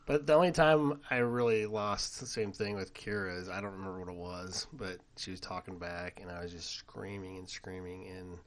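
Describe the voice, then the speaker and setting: A middle-aged man co-hosting a podcast, telling family stories in casual chat and getting animated when he quotes his kids. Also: deep voice, normal speed, few pauses. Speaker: podcast co-host.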